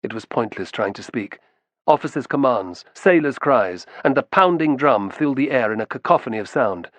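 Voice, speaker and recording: A man narrating a historical novel in an expressive storytelling style. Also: mid-range voice, normal speed, no room sound. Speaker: audiobook narrator. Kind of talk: scripted narration.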